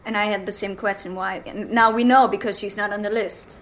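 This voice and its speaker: A woman's voice: mid-range voice, steady tone, brisk, noisy background. A woman co-hosting a casual fan chat who laughs and teases as she talks. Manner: laughing, teasing. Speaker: podcast co-host.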